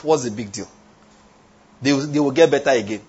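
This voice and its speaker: A man's voice: medium pitch, a little fast, darkish tone, husky. A man preaching a sermon, emphatic, asking the congregation rhetorical questions and drifting into tangents. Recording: dull lo-fi sound.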